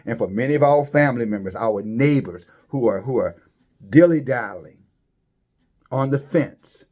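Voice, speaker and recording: A man preaching a religious commentary, halting and repeating words, his voice climbing high when he stresses a point. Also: lively intonation, darkish tone, slightly rough.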